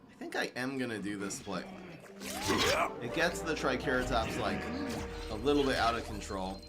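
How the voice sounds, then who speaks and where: Animated streamer with a New York accent. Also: male voice, mid-range voice, moderate pace, over loud music. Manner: excitable, talks to chat, bursts of exasperated laughter. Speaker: game streamer. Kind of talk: live game commentary.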